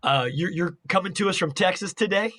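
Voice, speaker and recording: Male interview host, slightly high voice, energetic motivational delivery. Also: brisk. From Salt Lake City area, United States. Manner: energetic, hype-style intro. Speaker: podcast host. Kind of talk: upbeat interview show.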